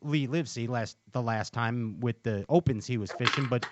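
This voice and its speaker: A man co-hosting a bass fishing talk show, chatting casually with many restarts. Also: moderate pace, lo-fi sound, noisy background. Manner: rambling, frequent restarts and laughs. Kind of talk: casual chat.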